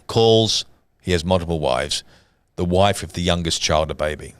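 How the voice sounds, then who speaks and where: Middle-aged male co-host, very deep and dry, a dramatic storyteller. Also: expressive, moderate pace, smooth, no echo. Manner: dramatic storyteller, acts out quotes. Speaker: church podcast co-host. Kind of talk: casual storytelling chat.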